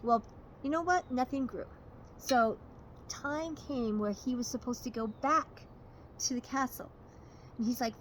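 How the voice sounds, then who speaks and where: A woman storyteller telling a fable with a moral in an expressive, lively way. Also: high voice, a little slow, pauses often, slight background noise, poor audio.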